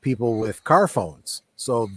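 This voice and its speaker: A man's voice: mid-range voice, expressive, slow, fairly bright tone, no room sound. A man co-hosting a casual movie commentary, thoughtful and trailing off with fillers. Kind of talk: casual film commentary chat.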